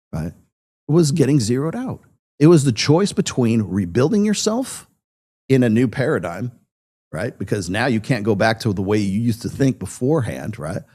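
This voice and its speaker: A man with a husky, slightly rough voice, talking casually as a podcast host. His sound is dry and close, with no room around it. He speaks bluntly, swears freely, and keeps checking in with "right?" and "okay?". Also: mid-range voice, a little mellow, no echo. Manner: blunt and profane, tags lines with "right?".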